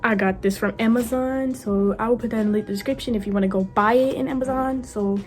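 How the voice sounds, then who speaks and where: A woman vlogging casually from her room, excitable and gushing as she talks to her viewers. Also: a little high, a little fast, soft background music. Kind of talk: casual vlog chat.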